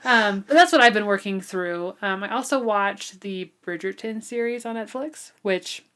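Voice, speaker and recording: A woman's voice: medium pitch, normal speed, fairly bright tone. A woman co-hosting a book podcast in casual chat, chatty and giggly with lots of ums. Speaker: podcast co-host.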